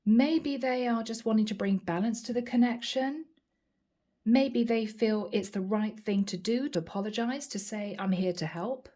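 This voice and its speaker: A tarot reader with a fairly high, mellow voice delivers a channeled reading at a moderate pace. Calm and reassuring, she speaks directly to listeners by their sign and repeats key phrases so they sink in.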